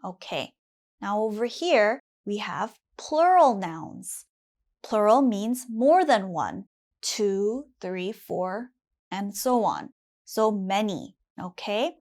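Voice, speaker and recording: Slow, careful woman teaching English. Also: mid-range voice, animated, a little mellow. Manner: repeats each word slowly and distinctly for learners. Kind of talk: slow, clear classroom lesson.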